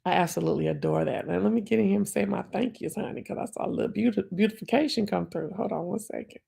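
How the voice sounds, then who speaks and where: With a dark, creaky, slightly rough mid-range voice, a woman in her forties hosts a laid-back live stream. She talks about the poem reflectively and conversationally, with plenty of fillers and short asides.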